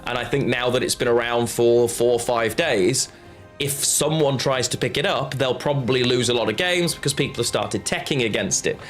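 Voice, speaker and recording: A man's voice: medium pitch, moderate pace, faint music behind. A man chatting casually on a live stream while playing a card game, rambling and answering his chat.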